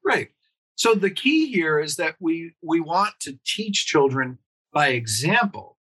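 A man's voice: a little high, big pitch swings, slow, sharp tone, breathy edge, poor audio. A man, a pediatrician guest on an interview, explaining earnestly and asking rhetorical questions.

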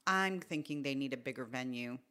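A middle-aged woman co-hosting a podcast, telling a story in casual chat and acting out the quoted lines with lively energy. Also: rumbling low, brisk, clean tone. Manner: animated, acts out quoted dialogue. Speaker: podcast co-host.

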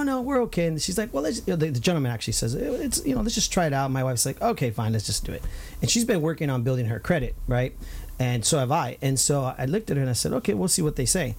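A man hosting a community talk show, chatting casually and telling lively stories. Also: mid-range voice. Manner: lively storyteller, upbeat. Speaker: show host. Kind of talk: casual interview chat.

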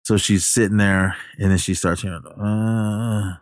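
Casting: low-voiced guy, laid-back rambling recap, dry close sound. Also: level tone, brisk, no room sound. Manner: rambling, loose, swears, lots of fillers. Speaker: movie recapper. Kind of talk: casual plot retelling.

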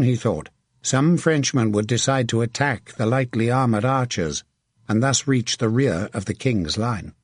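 A man narrating a historical novel in a steady, measured audiobook reading. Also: medium pitch, dry recording, studio quality. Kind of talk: scripted narration.

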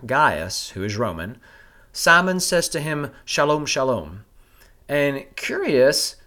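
A man, a father with a family, giving a measured, scripted Bible lesson, explaining a passage step by step and posing rhetorical questions. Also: mid-range voice, a bit bright. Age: adult with a family. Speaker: Bible teacher. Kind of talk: scripted teaching narration.

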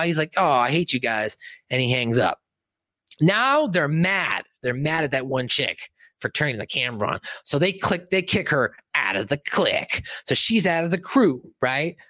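A man's voice: fairly high pitch, animated, moderate pace, fairly bright tone, no room sound. A young man reviewing a movie on a casual livestream, rambling and swearing, with many fillers.

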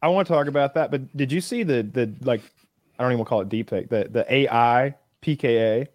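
A mid-pitched man co-hosting a podcast rambles through relaxed casual chat. The recording is dry, with no room sound. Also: brisk, dry recording. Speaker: podcast co-host.

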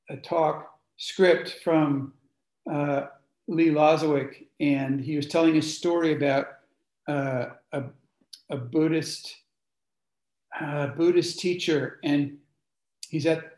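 A man's voice: fairly high pitch, a little mellow. Man teaching a group in an echoey room. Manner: conversational, asks the audience questions. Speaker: workshop leader. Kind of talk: informal teaching talk to a group.

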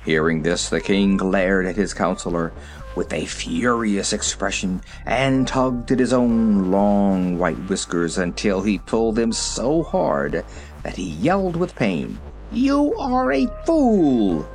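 A man reads a storybook aloud, his voice rising and falling with animation. Soft music plays faintly beneath the narration. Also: low-pitched, unhurried. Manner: expressive, animated reading. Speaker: reader.

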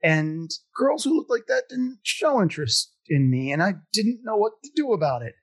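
A man with a slightly raised pitch talks casually about his community theater years. He is self-deprecating and lively, and he slips into other people's voices when he quotes them. The recording is dry and close, with no room sound. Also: moderate pace, no room sound. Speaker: actor telling stories. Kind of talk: casual storytelling chat.

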